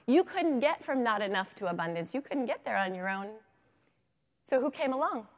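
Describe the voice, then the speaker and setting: A kindergarten teacher speaking at a faith talk into a microphone. She is lively and asks the audience to answer her. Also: fairly high pitch, moderate pace. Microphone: handheld microphone. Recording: long reverb of a hall.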